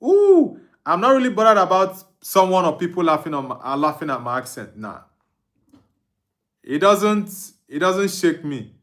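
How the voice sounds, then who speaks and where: Hosting a live football watch-along, a young Igbo-accented Nigerian man reads and responds to viewer comments, laughing a lot. His voice sits on the high side, expressive and a bit bright, at a moderate pace.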